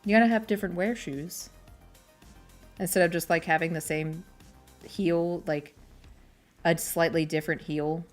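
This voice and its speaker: A woman's voice: lowish voice, fairly even intonation, unhurried, long pauses, faint music behind. A young adult woman who is a streamer, chatting casually and rambling while she crochets, often poking fun at herself. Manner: rambling, chatty, self-deprecating.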